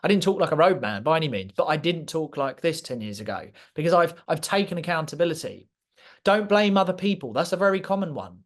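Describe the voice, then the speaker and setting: A man giving a motivational masterclass talk to a live audience, direct, emphatic and passionate, speaking clearly and with authority. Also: on the high side, expressive, fairly quick. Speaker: guest speaker.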